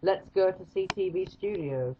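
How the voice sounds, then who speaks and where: A woman's voice: fairly low pitch, moderate pace, lo-fi sound, slight background noise, lightly acted. A woman voicing a young male chicken son in an amateur cartoon, talking in a casual, offhand way.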